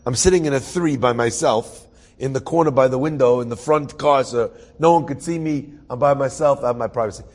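A husky man telling an inspiring story from his youth at an easy pace. He keeps undercutting himself with dry, self-mocking jokes. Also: mid-range voice, brisk, darkish tone. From New Jersey area. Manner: humorous, self-mocking asides.

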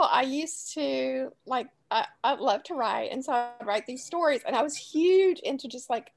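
A middle-aged woman from Louisiana with a Southern US accent, talking as a guest in a relaxed interview. Her voice sits a bit high. She rambles, restarts her sentences and laughs easily. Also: normal speed, creaky, few pauses. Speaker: guest author. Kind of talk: casual interview chat.

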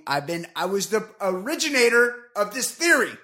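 A man's voice: high-pitched, very animated, normal speed, sharp tone. A man co-hosting a comedy podcast in casual banter, swearing often and sounding emphatic and indignant. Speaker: podcast co-host.

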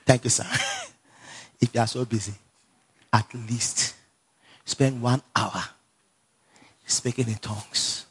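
Taking his time with long pauses, a Nigerian-accented preacher tells his sermon like a lively story, laughing frequently, repeating lines and inviting the congregation's responses. The pitch is medium and the tone a bit breathy.

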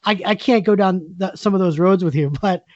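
A man's voice: high voice, fairly quick, darkish tone, dry recording, muffled recording. A man co-hosting a podcast in casual chat, upbeat and a bit hesitant when answering. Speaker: podcast co-host.

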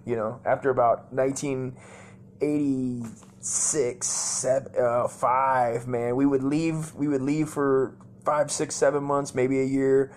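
A man with a mid-range voice tells rambling, profane childhood stories at home as a casual comedy monologue, loudly mimicking other people's voices. The recording carries a slight hiss or hum.

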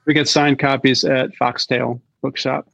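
A middle-aged man, an author guest, chatting casually and telling stories with quick asides and frequent laughter. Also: mid-range voice, level tone, gravelly, a bit bright, no room sound. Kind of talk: casual interview chat. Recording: dull lo-fi call audio.

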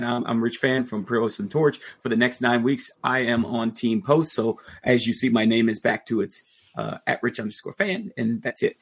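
A man hosting a podcast in casual chat, relaxed and rambling with light jokes. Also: mid-range voice, slightly rough. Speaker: podcast host.

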